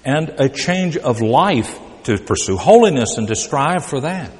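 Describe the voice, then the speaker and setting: A man's voice: mid-range voice, animated, measured pace, in a large hall. A man preaching a sermon in a conversational but emphatic way, often repeating words as he builds a point.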